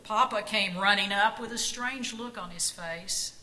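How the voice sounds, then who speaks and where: A woman reading a children's Bible story aloud, slow and expressive. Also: mid-range voice, poor audio.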